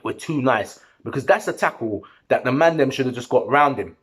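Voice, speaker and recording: This male football fan vlogger speaks in a husky mid-range voice, a little fast, as he rants to the camera post-match. The reaction is animated, heated, slangy and repetitive.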